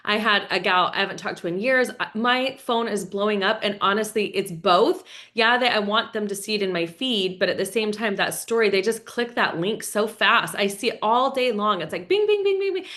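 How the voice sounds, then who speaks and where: A woman's voice: medium pitch, normal speed, few pauses, pushed and bright. A woman hosting a group video call, encouraging and calling on people by name. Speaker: host.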